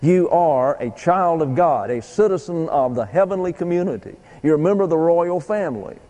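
Emphatic preacher in a reverberant hall. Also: male voice, fairly high pitch, lively intonation, moderate pace, dark tone. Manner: emphatic, repetitive teaching with folksy trail imagery. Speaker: pastor. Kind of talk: doctrinal sermon.

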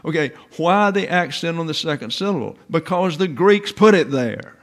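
A man's voice: fairly high pitch, lively intonation, moderate pace. Emphatic man teaching Bible Greek. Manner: emphatic, repeats words and stresses Greek terms; frequent restarts and rhetorical questions.

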